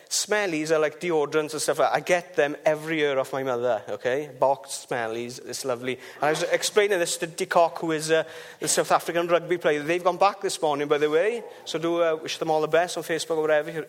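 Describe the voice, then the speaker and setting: Casting note: man, higher voice, relaxed devotional speaker who rambles through asides. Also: a little fast. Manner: chatty and rambling, with restarts and asides. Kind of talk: informal devotional talk.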